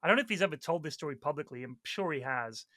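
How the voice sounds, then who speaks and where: A man chatting casually on a podcast, telling stories with lively acted-out quotes and plenty of swearing. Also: on the high side, fast talker, dry recording, studio quality. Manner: animated storyteller, acts out quoted people, swears freely. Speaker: Dota 2 caster, podcast guest.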